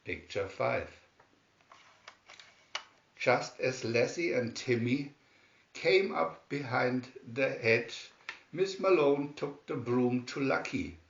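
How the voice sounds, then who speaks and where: A man reading a children's storybook aloud at an unhurried, measured pace. His voice sits at an ordinary middle pitch. The room is echoey and the sound is a bit muffled. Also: expressive, vocal fry. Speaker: storybook reader. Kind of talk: read-aloud storybook narration. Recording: roomy, dull lo-fi sound.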